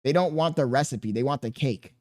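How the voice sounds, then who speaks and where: A young man chatting casually on his livestream, reading chat aloud and talking slowly on purpose, with plenty of swearing. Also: medium pitch, darkish tone. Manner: laid-back, deliberately slow storytelling, swearing, reading chat aloud. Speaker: streamer.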